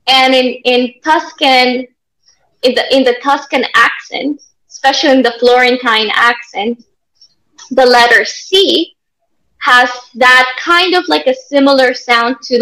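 A woman's voice: high voice, fairly even intonation, unhurried, bright, forceful tone, poor audio. A woman, a native English speaker, tutoring in a casual video call, chatty and enthusiastic and laughing often. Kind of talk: casual conversation practice. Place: living in Italy.

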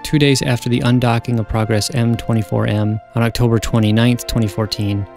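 Man, scripted narration, even and factual, mid pitch, faint music underneath. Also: a little fast, gravelly.

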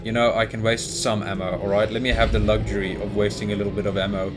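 A man's voice: lowish voice, level tone, fast talker. A young man commenting on his game as he plays, panicking aloud and talking to his character and the monster. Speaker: gaming YouTuber. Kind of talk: let's play commentary. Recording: faint music behind. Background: game music.

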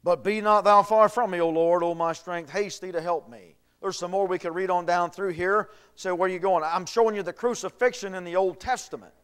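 A man's voice: sits high, steady tone, a little fast, hardly any pauses, a bit bright, smooth. A male pastor preaching a sermon, reading scripture aloud and building in intensity. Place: church.

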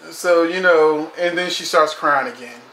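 A man's voice: on the high side, unhurried, pushed and bright, roomy sound, slight background noise. A man reviewing a TV episode in casual commentary, blunt and profane, saying "you know" constantly.

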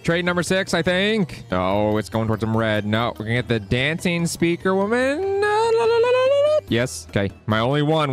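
Excitable young man doing game commentary. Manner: excitable and jokey, voice jumping high when excited. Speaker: gaming YouTuber. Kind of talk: gameplay commentary.

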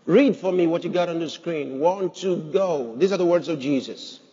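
A man's voice: a little high, normal speed, mellow, husky. A man preaching a sermon as pastor, emphatic, putting rhetorical questions to his congregation. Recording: dull sound with long hall reverb.

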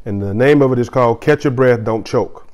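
A middle-aged man preaches to his church in an easy, conversational way. He circles back on phrases and restarts his sentences as he talks, with a voice at an everyday middle pitch. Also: fairly quick, a little mellow, highs cut off. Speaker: pastor. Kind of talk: sermon.

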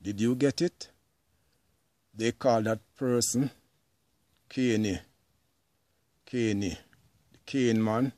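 A man's voice: mid-range voice, steady tone, takes it slowly, long pauses, warm tone, dry recording. A man with a Jamaican accent, talking to viewers in a casual vlog and quizzing them, recorded outdoors on a farm. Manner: quizzing viewers, acting out vendor calls. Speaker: vlogger.

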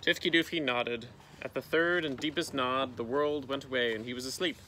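Bright-voiced man reading a storybook. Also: mid-range voice, normal speed, a little hiss or hum. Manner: lively voices for characters, gentle sign-off. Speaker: teacher reading aloud. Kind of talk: storybook read-aloud. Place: outdoors in a canoe.

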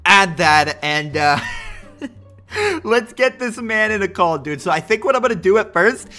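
Excitable male gaming host, high and bright, jokey prankster commentary over faint music. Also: measured pace. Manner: excitable, laughs often, playful prankster. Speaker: gaming YouTuber. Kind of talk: casual gameplay commentary.

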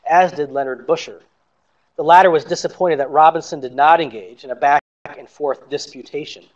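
A man's voice: fairly high pitch, darkish tone. A man presenting an academic paper, reading steadily and marking each quotation aloud. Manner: measured reading with quotes marked aloud. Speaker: scholar presenting a conference paper. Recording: dull lo-fi recording.

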